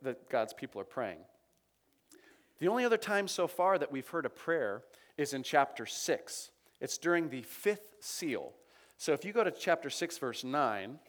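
Speaking in a mid-range voice, a preacher works through scripture in a conversational sermon, giving emphasis to the verses he reads aloud and pausing to check in with those listening.

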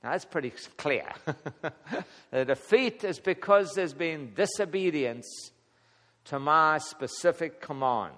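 A man leads a relaxed Bible study, his fairly high voice carrying a long echo around the hall. He chuckles often and slips into dramatic voices for the prayers he quotes. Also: slow pace. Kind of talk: casual Bible teaching to a group.

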